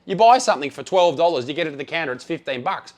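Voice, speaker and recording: A man's voice: fairly high pitch, expressive, fast, a little mellow. A man with an Australian accent giving a blunt, profane and sarcastic travel review. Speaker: travel vlogger.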